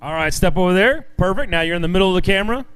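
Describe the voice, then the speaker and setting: A man's voice: sits high, lively intonation, rapid-fire, a bit bright, clear, resonant tone. A man emceeing a fishing tournament weigh-in, announcing weights in an upbeat way and joking with the anglers.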